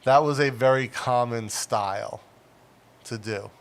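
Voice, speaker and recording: A man's voice: mid-range voice, measured pace, gravelly. A middle-aged man hosting a casual livestream, chatty and rambling, with many fillers. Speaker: livestream host.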